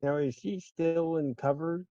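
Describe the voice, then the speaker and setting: A man's voice: fairly high pitch, steady tone, a little slow, dark tone, lo-fi sound, slight background noise. A man playing in a tabletop game, talking in a laid-back, joking way. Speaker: player. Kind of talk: casual tabletop game chat.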